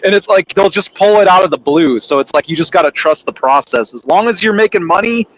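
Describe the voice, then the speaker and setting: A man's voice: high-pitched, lively intonation, a little fast, a bit bright, slight background noise, low-quality recording. A young man chatting casually on a podcast, telling rambling, profane stories and laughing as he goes. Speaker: podcast co-host, trucker. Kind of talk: casual chat.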